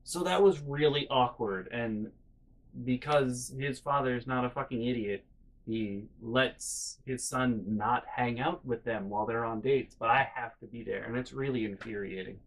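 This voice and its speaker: A man's voice: medium pitch, normal speed, a little hiss or hum, poor audio. Exasperated young man ranting about family. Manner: animated, profane, exasperated storytelling. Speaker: vlogger. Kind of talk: casual storytelling vlog.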